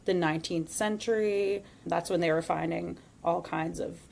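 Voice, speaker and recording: A woman co-hosting a casual podcast, chatty and animated, laughing often. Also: on the low side, moderate pace, vocal fry. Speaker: podcast co-host.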